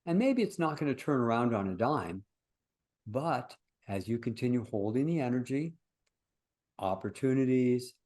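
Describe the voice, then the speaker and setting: A man's voice: mid-range voice, expressive, moderate pace, a little mellow. An older man, a workshop founder and teacher, talking casually in an interview as an earnest, reflective storyteller.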